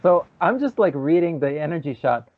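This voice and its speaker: A man co-hosting a podcast, telling a story in a lively, casual way and acting out the people in it. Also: a little high, moderate pace. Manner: animated storyteller, acts out quoted voices. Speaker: podcast co-host. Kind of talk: casual chat. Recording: tinny phone-like audio.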